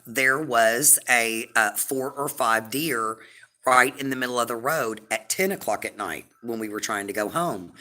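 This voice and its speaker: A woman hosting a casual live stream, rambling and chatty, full of fillers and warm toward her viewers. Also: rumbling low.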